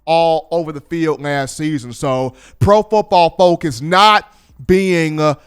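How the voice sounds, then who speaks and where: High, smooth-voiced man hosting sports talk. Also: slow. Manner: animated, playful storytelling. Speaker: sports show host. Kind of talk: energetic sports talk commentary.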